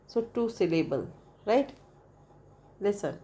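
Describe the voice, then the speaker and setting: Slow, patient woman teaching English. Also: mid-range voice, a little mellow. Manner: repeats points, spells out vowels one by one; frequent "right?" checks with the listener. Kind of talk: explanatory lesson.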